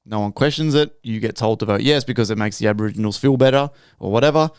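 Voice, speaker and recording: Aussie dude on a podcast, swears a lot, fired up, clean dry mic. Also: male voice, lowish voice, fast talker, clear, resonant tone, no room sound. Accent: Australian. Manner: animated, heavy swearing. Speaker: podcast host. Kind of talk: casual podcast chat.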